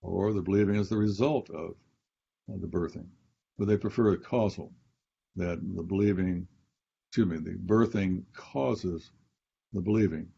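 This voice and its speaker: Man, Bible professor, lowish mellow voice, husky, patient step-by-step teaching, slightly dull recording. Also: moderate pace, long pauses. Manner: explains grammar step by step, professorial, repeats key phrases. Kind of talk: teaching conversation on a podcast.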